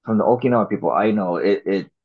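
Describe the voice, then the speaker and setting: A man speaks in a low, husky voice, chatting casually as an interview guest. He rambles loosely and restarts his sentences often. The audio is slightly dull and lo-fi. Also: fast. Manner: relaxed, rambling, many fillers and restarts. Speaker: actor and filmmaker guest.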